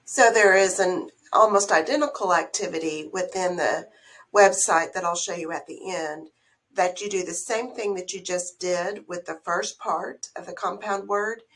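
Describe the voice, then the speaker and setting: A woman's voice: on the low side, moderate pace, fairly bright tone, poor audio. A woman teacher presenting slides, explaining the activities in a conversational way with small restarts.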